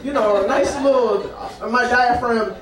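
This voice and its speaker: A woman's voice: fairly high pitch, normal speed, recorded from a distance, crowd noise. Live storyteller, woman, brash and giggly, roomy venue, audience audible. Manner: animated, swearing, laughing often.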